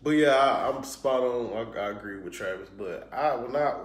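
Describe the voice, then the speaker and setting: A man who teaches high school, speaking in casual podcast chat, hedging his points and then getting animated, with slang like "you feel me". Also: normal speed, roomy sound.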